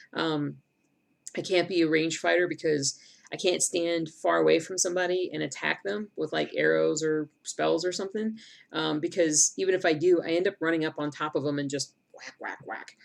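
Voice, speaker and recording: A woman's voice: low-pitched, vocal fry. A middle-aged woman chatting casually on a live stream, rambling and answering viewer comments aloud as she works. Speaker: cross-stitch streamer.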